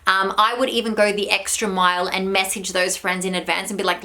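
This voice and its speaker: A woman's voice: medium pitch, flat delivery, brisk, bright, forceful tone. A woman vlogging advice straight to her viewers, affectionate and encouraging, a little out of breath. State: slightly out of breath. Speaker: vlogger and spiritual coach. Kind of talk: direct-to-camera advice vlog.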